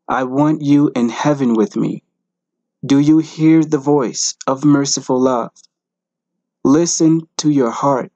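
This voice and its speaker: A man's voice: medium pitch, a little mellow, no room sound, low-quality recording. A man reading as Jesus, tender and pleading. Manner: earnest, pleading. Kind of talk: devotional message reading.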